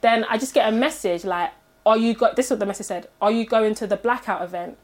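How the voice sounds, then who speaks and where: A woman tells a story in casual chat, fast and slightly high. She acts out the other people with lively quoted voices. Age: 30s.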